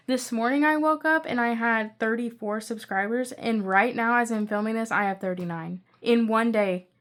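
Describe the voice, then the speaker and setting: A woman's voice: on the high side, normal speed. Chatty, rambling young woman. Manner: chatty, rambling, excitable asides. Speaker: budgeting channel creator. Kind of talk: casual budget-with-me narration.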